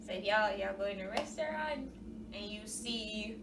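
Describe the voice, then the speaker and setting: A woman, co-hosting a casual chat in a playful, laughing way. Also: mid-range voice. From Jamaica. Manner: laughing, playful, drawn-out phrasing. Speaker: co-host. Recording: echoey room from a distance, background hiss.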